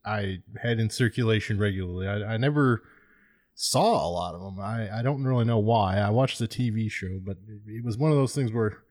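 Low-voiced, rambling man. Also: fairly quick. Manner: relaxed, rambling, self-interrupting. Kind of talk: casual film review chat.

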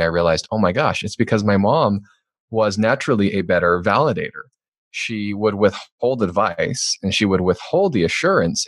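Speaking in a deep, husky voice, an author guesting on a podcast reflects candidly during a conversational interview, becoming animated when acting out quotes. The recording is dry and studio quality.

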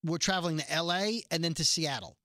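A man from New York City with a New York accent, co-hosting a casual chat show and acting out people in quick asides. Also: a little high, sharp tone, no echo, clean studio sound. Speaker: podcast co-host.

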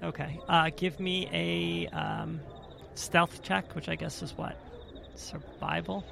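A woman narrating as game master of a tabletop game, unhurried and descriptive, with fillers. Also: fairly low pitch, fairly even intonation, creaky, fairly bright tone, slight background noise.

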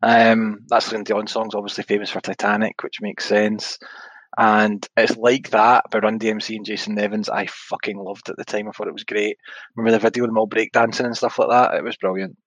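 A man's voice: lowish voice, level tone, a little fast, fairly bright tone, no room sound. A man co-hosting a podcast, chatting casually and delivering joke punchlines dryly. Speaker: podcast co-host. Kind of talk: casual chat.

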